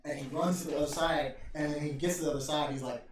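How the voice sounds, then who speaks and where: A man on a casual podcast, retelling wrestling stories with loud swearing and laughter. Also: a little high, quick pace. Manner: animated storytelling with swearing and laughter. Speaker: podcast host. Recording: roomy, distant, noisy home recording.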